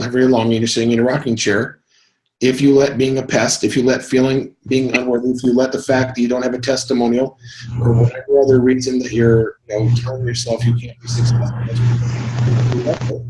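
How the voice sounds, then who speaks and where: A man giving a live sales coaching talk to a group, energetic and rambling, breaking into sudden whoops. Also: mid-range voice, reverberant.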